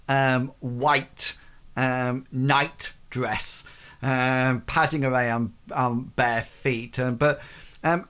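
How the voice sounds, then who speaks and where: A man's voice: mid-range voice, fairly bright tone. A man narrating a tabletop game as game master, hesitant and full of fillers.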